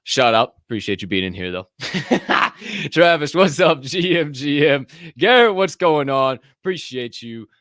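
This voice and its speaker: A man's voice: medium pitch, normal speed, no echo. Young man, live-stream host, casual, profane, jokey, dry close sound. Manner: rambling, profane, jokey and excitable. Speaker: podcast host.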